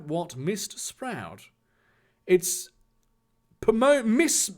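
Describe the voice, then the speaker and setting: A man's voice: high-pitched, very animated, moderate pace. Sarcastic man reading fan fiction. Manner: sarcastic asides, swearing. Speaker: reader.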